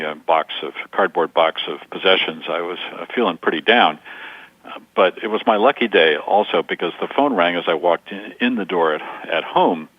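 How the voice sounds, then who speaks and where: A man in his sixties, a communication coach, giving measured interview answers through stories and examples. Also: low-pitched, no room sound. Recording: dull lo-fi sound.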